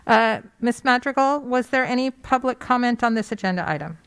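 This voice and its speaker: High, smooth-voiced woman chairing a board meeting. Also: animated, a little fast, fairly bright tone. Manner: formal and procedural.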